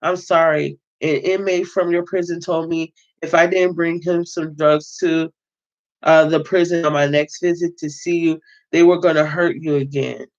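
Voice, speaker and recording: A woman reading aloud the quiet, plain words of a devout, remorseful dying mother. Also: low-pitched, steady tone, normal speed. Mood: sorrowful. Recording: dull lo-fi sound.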